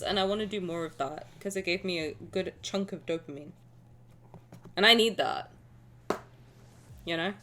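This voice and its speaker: Chatty young woman, very lively pitch. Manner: chatty, playful, swings between loud bursts and mumbling. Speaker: streamer. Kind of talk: casual chat with live chat.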